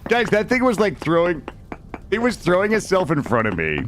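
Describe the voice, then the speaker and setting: A man streaming a survival game live, chatting with viewers in an excitable, jokey way and arguing his case to chat. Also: sits high, normal speed, a little hiss or hum. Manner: excitable, jokey, defensive with chat, yelps and laughs. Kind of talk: live gameplay commentary.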